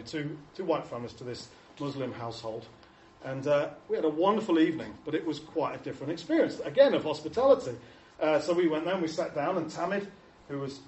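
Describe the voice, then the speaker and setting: High-voiced Englishman telling funny stories in an echoey hall. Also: a little mellow. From England. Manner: chatty, self-mocking storytelling that acts out quoted voices. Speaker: speaker showing photos to an audience. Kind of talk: humorous anecdotal talk. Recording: echoey hall, distant mic, faint noise.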